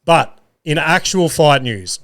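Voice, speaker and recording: A man with a smooth, clean voice hosts his own podcast, talking off the cuff. He swears freely, stacks up fillers and sometimes loses his words mid-thought, all in an easygoing, chatty manner. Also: a little high, animated, slow pace, fairly bright tone. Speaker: podcast host. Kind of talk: solo casual chat.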